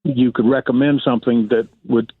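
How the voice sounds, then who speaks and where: A man calling in from a rural cabin, speaking slowly and hesitantly with many pauses. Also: mid-range voice, steady tone, slightly rough, no echo. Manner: slow, hesitant, lots of uhs. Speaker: caller. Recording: tinny dry phone line.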